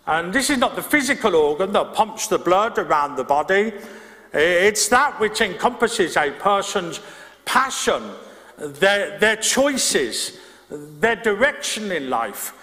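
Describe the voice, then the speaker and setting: A man's voice: high voice, big pitch swings, slow, pushed and bright. A middle-aged male pastor, preaching a sermon in a conversational way, with restarts and asides to the congregation. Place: church hall. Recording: reverberant church hall.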